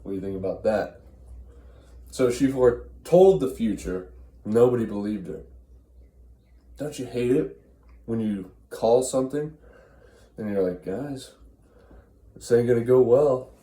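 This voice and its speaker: A man rambles through a crude, comedic retelling of an ancient play while chewing gum. His voice is mellow and sits at a middling pitch. The sound carries a roomy echo. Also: animated, unhurried, long pauses. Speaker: storyteller.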